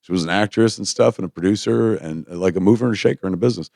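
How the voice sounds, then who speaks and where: A middle-aged man, a filmmaker guest in a radio studio, telling anecdotes in a casual, animated way and acting out the voices of the people in his stories. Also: lowish voice, rapid-fire, creaky, no room sound. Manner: animated anecdote-teller, acts out quoted voices. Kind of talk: casual storytelling interview.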